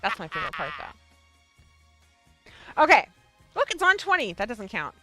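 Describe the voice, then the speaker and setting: A woman hosting a casual livestream, chatting with her viewers in a bubbly, excitable way. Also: mid-range voice, moderate pace, no room sound, faint music behind. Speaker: livestream host of a yarn shop show.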